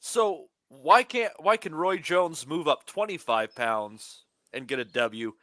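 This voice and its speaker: A man co-hosting a podcast, dropping teasing, quick-witted remarks in casual chat. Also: fairly high pitch, animated, a bit bright. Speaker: podcast co-host.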